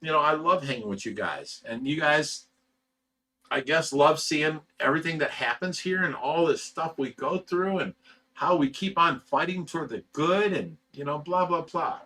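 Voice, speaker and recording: Hosting a casual livestream from a fish rescue facility, a laid-back American man speaks at normal speed in a high, bright, forceful voice. He reads chat, chuckles frequently and lets sentences trail off with "you know."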